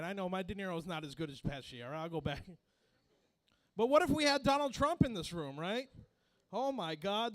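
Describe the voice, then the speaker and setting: A man doing a stand-up set in a small club, loud and crude, teasing the crowd. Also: sits high, expressive, fairly quick, long pauses. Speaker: stand-up comedian.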